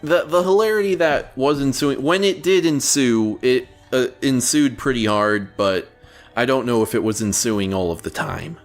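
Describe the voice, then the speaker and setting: A man's voice: mid-range voice, normal speed, faint music behind. A young man co-hosting a podcast in casual chat, sardonic and crude, often stumbling over his words. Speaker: podcast co-host.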